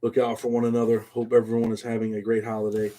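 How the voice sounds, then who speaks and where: A middle-aged man hosting a casual live stream, reading chat and talking bluntly in street slang, dropping "man" after nearly every phrase. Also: fast talker. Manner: swings from low mumbles to loud excited outbursts.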